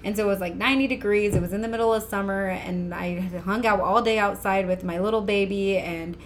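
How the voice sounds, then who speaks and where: Woman, 30s, casual storyteller, lively and laughing, faint hiss behind. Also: medium pitch, brisk. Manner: animated, laughing often. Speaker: guest.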